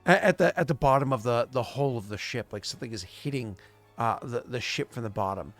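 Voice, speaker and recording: A man's voice: medium pitch, expressive, a little fast, a bit bright, soft background music. A man narrating as game master, rambling, with restarts and sounds acted out. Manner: rambling, many fillers and restarts, vivid sound effects.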